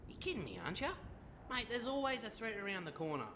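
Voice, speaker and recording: A man's voice: high voice, very animated, fast, bright, forceful tone, a little hiss or hum, heavily acted. A man with an Australian accent playing a brash, foul-mouthed mentor in a game roleplay, giving swaggering pep talks. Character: brash, foul-mouthed male mentor who loves to fight.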